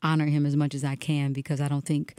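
A woman with a notably low voice recounts an anecdote in a casual interview. She acts out each line of dialogue. The sound is dry and close, with no room echo. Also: fast. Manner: animated storyteller who acts out dialogue. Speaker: musician telling a story in an interview.

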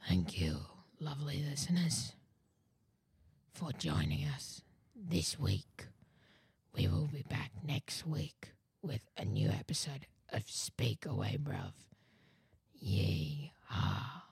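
A man voicing a sneaky, lazy serpent-like male ranger in a whispered role-play, in a breathy, drawling whisper. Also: fairly high pitch, big pitch swings, takes it slowly, no room sound, clean studio sound, heavily acted. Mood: sly, whispered. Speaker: podcast co-host.

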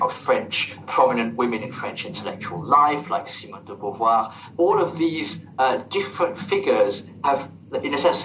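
A man's voice: medium pitch, bright, forceful tone. A man speaking as an academic guest in a recorded interview, hesitant, with many ums and uhs and repeated words. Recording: distant mic with faint background noise.

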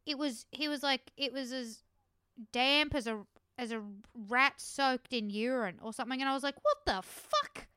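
A woman co-hosting a casual podcast chat, blunt and quick with asides. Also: sits high, fairly even intonation, sharp tone, clean tone, no echo, clean studio sound. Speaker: podcast co-host.

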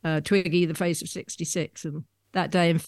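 A woman, a guest telling rambling stories about her past with soft laughs. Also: fairly low pitch, flat delivery, normal speed, no room sound. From London, England. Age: 70s. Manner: chatty, rambling storyteller with frequent soft laughs. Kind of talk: conversational anecdotes.

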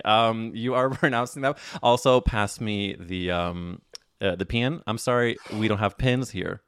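A man's voice: lowish voice, normal speed, fairly bright tone, clear, resonant tone, dry recording, studio quality. A man hosting a podcast in casual chat, playful and teasing with big reactions. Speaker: podcast host.

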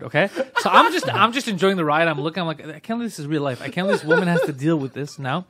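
Lively high-voiced man telling a story. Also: quick pace. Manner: animated, mimics others with loud high voice, laughs often. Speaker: podcast co-host. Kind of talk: casual storytelling chat.

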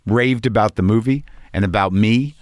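A man's voice: on the low side, normal speed, dry recording, clean studio sound. A man in his fifties, hosting a podcast, rambling through a casual, profane, self-deprecating monologue. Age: 50s. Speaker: podcast host.

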